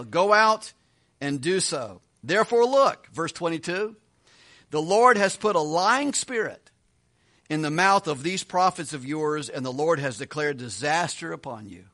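A man teaching a Bible study as a pastor, retelling scripture with quick voiced asides and chuckles. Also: fairly high pitch, animated, fairly bright tone.

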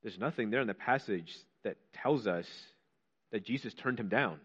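A man preaching a sermon, building up to fervent rhetorical questions and dropping to hushed quotations. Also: on the low side, normal speed, breathy edge, muffled recording.

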